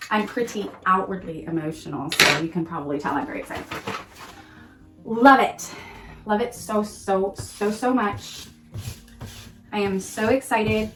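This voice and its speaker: A woman hosting a casual crafting tutorial, gushing and excitable, often exclaiming over her work. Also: mid-range voice, echoey room. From Pacific Northwest of the US. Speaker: crafting channel host.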